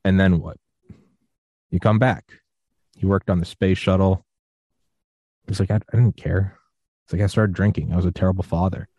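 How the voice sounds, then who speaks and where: A man in his twenties hosting a podcast interview, telling rambling stories and quoting others in lively voices. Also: low voice, normal speed, pauses often, no echo. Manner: rambling storyteller, quotes others in animated voices. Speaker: podcast host. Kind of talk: casual interview chat.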